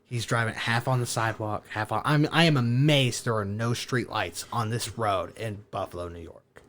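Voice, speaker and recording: A man, a podcast guest, telling a story in a casual chat, animated, swearing and laughing as he goes. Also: fairly low pitch, normal speed. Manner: animated, profane, laughing through his story.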